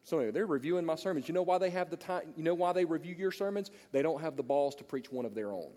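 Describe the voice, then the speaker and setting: A man preaching a sermon to pastors, blunt and animated, telling stories to make his point. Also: on the high side, rapid-fire. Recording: long reverb of a large hall.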